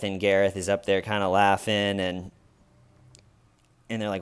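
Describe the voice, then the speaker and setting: A man casually retelling a story on his comedy channel, animated and amused, often restarting his sentences. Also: lowish voice, normal speed, long pauses, smooth.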